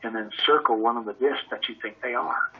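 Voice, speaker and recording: A man's voice: medium pitch, fairly quick, slightly rough, phone-quality sound. A man leading a sales training session over a conference call, talking energetically and conversationally and asking lots of rhetorical questions.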